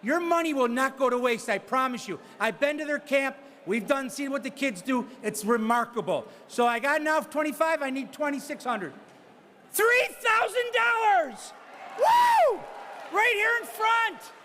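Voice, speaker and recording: A man working as a charity auctioneer, calling bids live at a gala, teasing bidders and shouting out numbers with whoops of excitement. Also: very high voice, moderate pace, slight background noise. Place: banquet hall at a charity gala.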